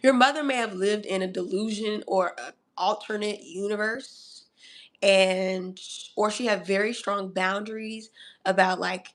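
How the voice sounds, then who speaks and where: Sassy live tarot reader, woman, medium pitch, animated and teasing with lots of laughs. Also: measured pace. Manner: sassy, animated, calls the audience honey and darling; laughs often between remarks. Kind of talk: live astrology tarot reading.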